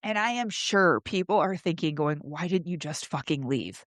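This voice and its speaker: A woman's voice: sits low, lively intonation, normal speed, a bit bright, dry recording, clean studio sound. A woman hosting a podcast, telling her own story candidly and emotionally, with swearing, and raising her voice when she acts out her past pleas. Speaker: host.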